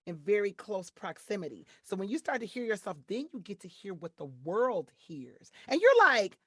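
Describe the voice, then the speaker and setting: A middle-aged woman from Detroit, a voiceover artist, chatting as a guest on an interview show in an animated, playful way. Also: moderate pace, hardly any pauses, slightly rough, no echo, clean studio sound. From Detroit, Michigan. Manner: animated, playful, acts out quotes in high voices. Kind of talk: casual interview chat.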